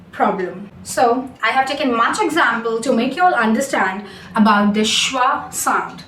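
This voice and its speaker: A woman with an Indian accent teaching phonics, switching between English and Hindi and slowly repeating sounds for learners. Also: high voice, fairly bright tone, echoey room, distant mic. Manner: slow, careful modelling of sounds. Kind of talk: online lesson mixing English and Hindi.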